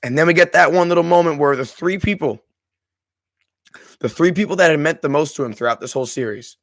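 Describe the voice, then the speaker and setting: A slightly high, fairly bright male voice moves at a fairly quick clip on a dry recording. He's the streamer and host of a live stream, chatting about a movie with his viewers in an effusive, emotional manner full of restarts.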